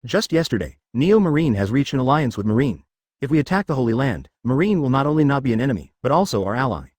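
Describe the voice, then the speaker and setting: A man's voice: mid-range voice, big pitch swings, quick pace, darkish tone, dry recording, studio quality. A man reading the part of a solemn young revolutionary officer in a fan-fiction audiobook, speaking seriously and urgently.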